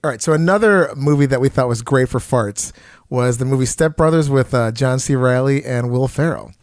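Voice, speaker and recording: A man's voice: medium pitch, a little fast, a little mellow, no echo, clean studio sound. A man co-hosting a podcast in casual chat, easygoing and hesitant with fillers. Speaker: podcast co-host.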